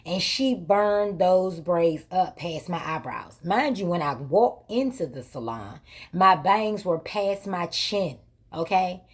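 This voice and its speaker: A woman's voice: lowish voice, slow, husky. A woman hosting her own vlog, telling a story in casual, colloquial speech with emphatic repetition. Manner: emphatic, repetitive retelling with lively quoted exchanges; colloquial, vernacular grammar. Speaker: vlog host.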